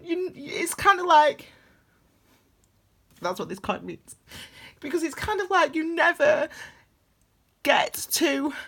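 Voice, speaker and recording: A woman's voice: high-pitched, pushed and bright. A woman giving a casual spoken tarot reading, rambling and heartfelt, with frequent laughs. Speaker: tarot reader.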